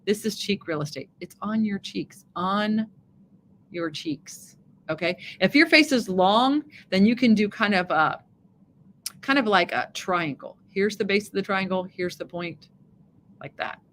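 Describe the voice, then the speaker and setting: A woman's voice: mid-range voice, animated, a little slow, fairly bright tone, a little hiss or hum. A woman giving a chatty live makeup demonstration, often checking in with her viewers. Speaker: makeup presenter on a live stream.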